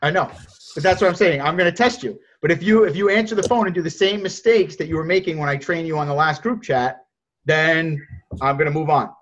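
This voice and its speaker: A man's voice: fairly high pitch, fairly quick, fairly bright tone, lo-fi sound. A man coaching salespeople on a group video call, blunt and direct, often repeating words as he starts a thought.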